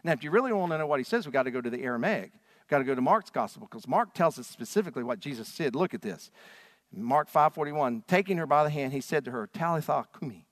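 A man preaching a sermon as a pastor, swinging from loud, fervent passages to hushed ones. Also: fairly high pitch, expressive, fast talker, dry recording.

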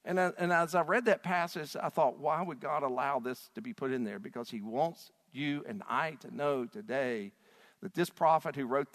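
A male pastor preaching a sermon with passion, swinging between loud and hushed delivery. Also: medium pitch. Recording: long hall reverb.

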